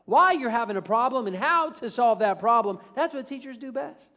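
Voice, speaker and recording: Animated man storyteller, high lively voice. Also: normal speed. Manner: animated storyteller, leads audience call-and-response. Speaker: motivational speaker. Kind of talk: school assembly talk.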